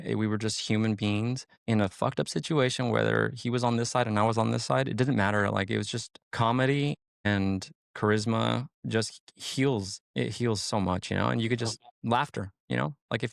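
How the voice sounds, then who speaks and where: A man with a lowish, gravelly voice talks on a podcast in a loose, rambling way. He leans on "like" and "you know" and swears freely. The sound is close and dry. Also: no room sound. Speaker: podcast co-host, sheriff's deputy. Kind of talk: casual podcast chat.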